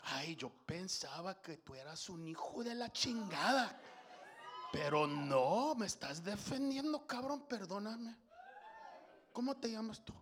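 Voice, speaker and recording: A comedian voicing a Spanish-speaking woman server who fawns and apologizes in a soft, hushed voice. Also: sits high, brisk, lightly acted. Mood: fawning. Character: middle-aged Spanish-speaking restaurant server, warm and effusive.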